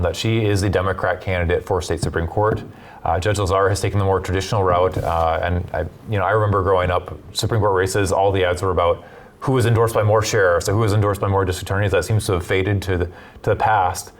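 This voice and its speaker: A man's voice: low-pitched, slight background noise. A man giving political commentary on a talk show, telling stories and speeding up to make his points. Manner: animated storyteller, quick bursts when making points.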